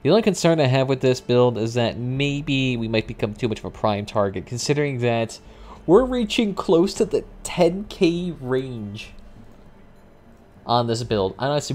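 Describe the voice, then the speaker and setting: A young man streaming a vehicle combat game, chatting casually with swearing and sudden excited outbursts as he plays. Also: mid-range voice, measured pace. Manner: casual, profane, excitable reactions. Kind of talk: live gameplay commentary.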